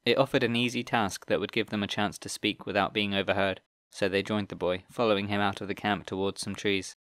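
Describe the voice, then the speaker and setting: A man narrating a middle-grade fantasy audiobook in a steady, even storytelling manner. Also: fairly low pitch, fairly quick, clear, resonant tone, dry recording, studio quality. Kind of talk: scripted narration.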